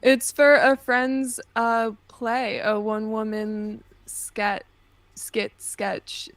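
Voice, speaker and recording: A woman co-hosting a podcast in casual chat, with dry deadpan jokes. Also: a little high, very slow, no echo. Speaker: podcast co-host.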